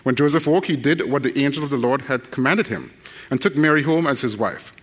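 A man's voice: mid-range voice, a little fast, in a large hall. Folksy preacher man. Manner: folksy, joking, addresses the crowd directly. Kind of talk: sermon with fast scripture reading.

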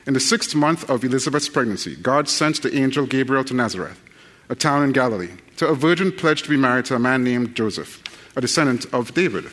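A man preaching a sermon, joking with the congregation and then reading scripture quickly. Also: mid-range voice, fairly bright tone, in a large hall. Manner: folksy, joking, addresses the crowd directly.

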